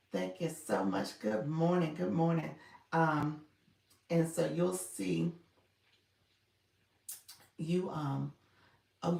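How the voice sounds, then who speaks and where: A woman's voice: fairly low pitch, creaky, darkish tone. A woman coaching on a casual livestream, thanking viewers by name and laughing often. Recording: echoey room, mic at a distance.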